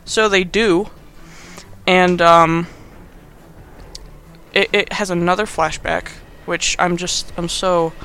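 A man's voice: sits high, sharp tone, clear, resonant tone. A man hosting a podcast, recapping a movie in casual, sarcastic chat full of fillers and asides. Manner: rambling and sarcastic, heavy on fillers. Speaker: podcast host.

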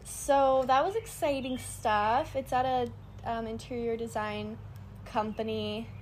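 A woman's voice: a little high, steady tone, unhurried, slight background noise. A young woman co-hosting a podcast outdoors, upbeat and giggly in casual chat. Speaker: podcast co-host. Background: birds chirping.

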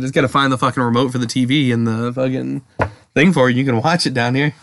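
A man's voice: mid-range voice, fairly even intonation, a little fast, fairly bright tone, slight background noise. A young man co-hosting a podcast at home, rambling and swearing as he retells a show and acts out the scenes in voices. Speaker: podcast co-host. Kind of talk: casual chat.

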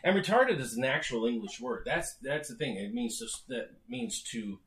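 A man's voice: mid-range voice, lively intonation, normal speed, fairly bright tone. A middle-aged man co-hosting a podcast, explaining at length and often restarting his phrases. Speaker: podcast co-host. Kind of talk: casual discussion. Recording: roomy echo.

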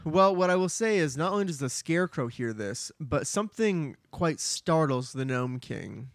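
A man's voice: a little high, animated, moderate pace, no room sound. A young man co-hosting a podcast, laid-back, narrating the story and laughing often. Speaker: podcast co-host. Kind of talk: casual chat retelling a book.

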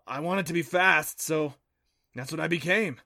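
A man's voice: a little high, moderate pace, creaky, sharp tone, pitched above the performer's own voice. A man voicing a grumpy male kelpie, a talking water horse, in a storybook reading with a blunt, scoffing manner. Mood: hushed, wary.

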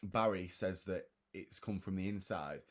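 A man's voice: sits low, measured pace. A man chatting casually about a film, blunt and swearing freely as he airs heated opinions. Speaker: film discussion co-host. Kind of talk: casual chat.

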